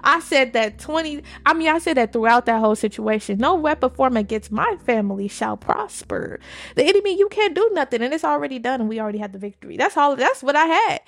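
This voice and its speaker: Animated woman sharing a faith testimony. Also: high voice, fast, hardly any pauses, no echo. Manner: animated, emphatic storytelling. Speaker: podcast co-host.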